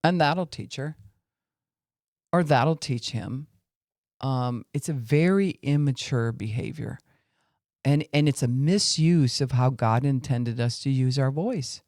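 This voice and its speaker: A man's voice: mid-range voice, takes it slowly, darkish tone, dry recording, studio quality. Earnest man teaching about faith. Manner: earnest, acts out angry and weary voices to illustrate. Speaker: Christian podcast speaker. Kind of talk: teaching talk on faith and family.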